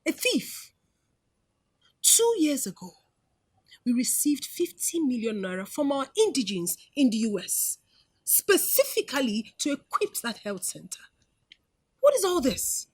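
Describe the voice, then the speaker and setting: A woman's voice: sits high, measured pace, long pauses, husky, heavily acted. An actress playing a composed woman president who reassures people, speaking with a Nigerian accent. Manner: calm and reassuring.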